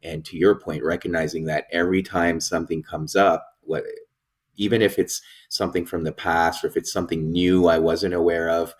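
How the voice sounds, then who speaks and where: Deep-voiced man hosting a podcast. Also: breathy edge. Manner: reflective, thinks aloud. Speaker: podcast host. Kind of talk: casual podcast conversation.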